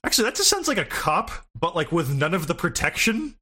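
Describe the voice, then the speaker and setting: A man in casual chat, animated and self-mocking, laughing often as he talks. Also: sits high, a little fast, husky.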